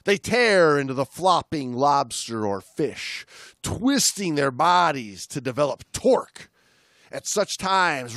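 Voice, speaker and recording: A man's voice: a little high, dry recording, clean studio sound. A male podcast co-host chatting casually and reading a story aloud with dramatic emphasis.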